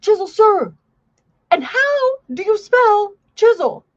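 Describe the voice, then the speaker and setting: A stern police academy instructor barks at his recruits, put on by a woman. The voice jumps much higher than her usual talk and sounds pushed back from the mic. The stream audio is dull and lo-fi. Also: very animated, slow pace, exaggerated voice. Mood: barking, stern. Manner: yelling interrogation.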